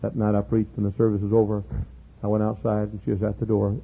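A middle-aged male pastor telling a story in a sermon, earnest, repeating words and building to loud emphatic peaks. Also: on the low side, monotone, fast, vocal fry, husky. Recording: tinny lo-fi sermon tape.

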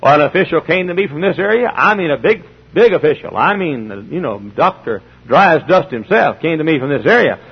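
A man's voice: fairly high pitch, expressive, fairly quick, gravelly, hardly any pauses, breathy edge. A middle-aged man preaching a sermon, emphatic, repeating phrases and acting out both sides of conversations. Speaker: pastor. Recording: dull lo-fi sermon recording.

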